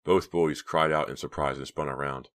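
A man narrating an audiobook in a quiet, steady reading voice. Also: rumbling low, normal speed. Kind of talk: scripted narration.

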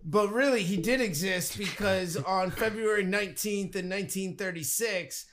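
A man co-hosting a podcast in casual chat, relaxed and a bit hesitant. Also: high voice, normal speed, slight background noise. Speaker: podcast co-host.

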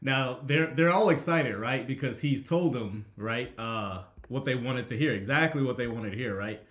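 A man's voice: medium pitch, moderate pace, a bit bright, roomy sound, slight background noise. A man hosting a live stream, talking casually with frequent "right?" checks and reading viewers' comments aloud. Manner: conversational, frequent "right?" checks, reads chat. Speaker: host.

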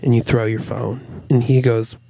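A man's voice: medium pitch, moderate pace, creaky. A man co-hosting a comedy podcast, telling an improvised comic story and acting out the voices in it. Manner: animated, acts out voices in his story. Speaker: podcast co-host.

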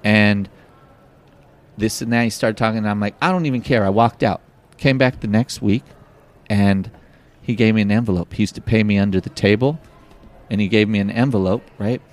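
A man telling a personal story in an interview, animated and acting out the voices of the people in it. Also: on the low side, normal speed. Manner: animated, acts out quoted voices. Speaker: guest.

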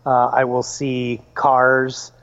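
A man's voice: mid-range voice, monotone, very slow, fairly bright tone, smooth. Wry, chatty podcast co-host, man in his late 30s, slightly dull lo-fi mic. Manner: dry, wry humor, chatty. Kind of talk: casual chat.

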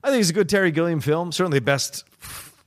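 A man's voice: on the high side, fast, dry recording, clean studio sound. A man hosting a podcast, easygoing and laughing often as he talks over films. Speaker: podcast host. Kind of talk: casual chat.

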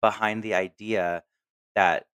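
A man co-hosting a casual film discussion podcast. He is animated, acts out quoted lines in his retellings and laughs often. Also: lowish voice, takes it slowly, smooth, dry recording. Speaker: podcast co-host.

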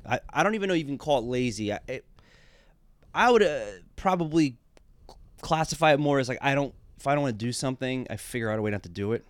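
A man's voice: medium pitch, animated, fast, dry recording. A man co-hosting a casual podcast, rambling and self-deprecating, often trailing off into a mumble. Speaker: podcast co-host.

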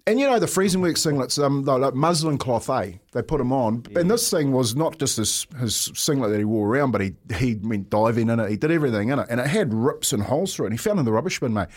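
A man with a New Zealand accent co-hosting a show, telling stories with lots of laughter and lively banter. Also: medium pitch, fast, few pauses. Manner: laughing, storytelling, excitable. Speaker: radio show co-host. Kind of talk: casual banter.

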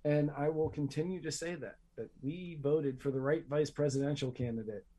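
A man's voice: on the high side, moderate pace, mellow. A man co-hosting a podcast who speaks earnestly and emphatically and often repeats his points. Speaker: podcast co-host. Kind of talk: casual chat.

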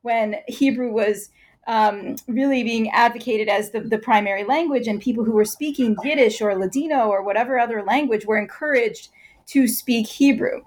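A woman's voice: a little high, moderate pace. A woman speaking as an expert guest in an interview, explaining fluently and giving concrete examples.

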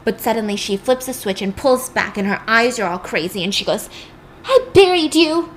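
A woman's voice: mid-range voice, a little fast, a bit bright, a little hiss or hum. A young woman casually recapping a film story with chatty, sarcastic asides.

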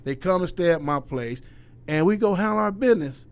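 Animated, profane man telling coaching stories. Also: sits high, brisk, smooth. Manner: profane, animated storyteller acting out quoted voices. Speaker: youth basketball coach. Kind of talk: storytelling in casual conversation.

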